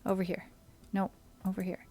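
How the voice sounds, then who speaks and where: A woman streamer giving casual commentary while she plays a game, thinking aloud and often dropping to a soft mutter. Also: medium pitch, completely flat delivery, normal speed.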